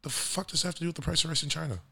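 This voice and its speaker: A man's voice: on the high side, rapid-fire, gravelly, pushed and bright, husky. A man co-hosting a podcast, joking and teasing his friend in casual banter, laughing often and swearing. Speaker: podcast co-host. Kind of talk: casual chat.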